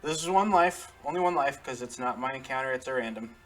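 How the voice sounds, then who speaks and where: Talking fast in a mid-range voice, a gaming channel host offers loose let's-play commentary. He keeps chatting, laughs frequently, and speaks to the characters in the game.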